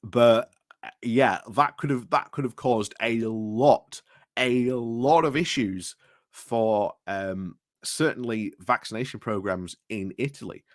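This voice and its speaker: A man's voice: mid-range voice, slow, dry recording. Rambling British man, dry close sound. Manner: rambling, with restarts and asides to chat. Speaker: livestream host. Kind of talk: casual livestream commentary. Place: indoors at home.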